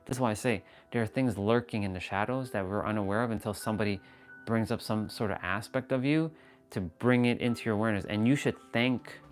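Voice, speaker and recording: A man with a low-pitched voice chats casually on a fitness livestream. His self-help talk is frank and full of swearing and restarts. Faint music plays in the background.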